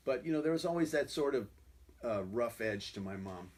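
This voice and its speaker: A man's voice: medium pitch, expressive, a little fast, a little mellow. A man who is a guest musician, telling stories in a rambling way, full of "you know" fillers. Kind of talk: conversational storytelling.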